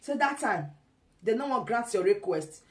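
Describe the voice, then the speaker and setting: A woman's voice: a little high, animated, normal speed, reverberant. A woman with a Nigerian accent giving teasing, laughing commentary in casual pidgin.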